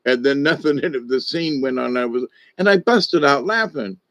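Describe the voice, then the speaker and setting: An older man and former stage director telling rambling, animated stories in a casual monologue, often trailing off and restarting. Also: medium pitch, normal speed, dry recording. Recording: dull, dry lo-fi audio.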